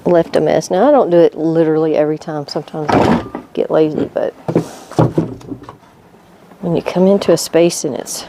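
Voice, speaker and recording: A middle-aged woman chatting casually in her home woodworking shop, relaxed and rambling as she thinks aloud. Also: deep voice, background noise. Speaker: woodworking vlogger. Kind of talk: casual how-to chat.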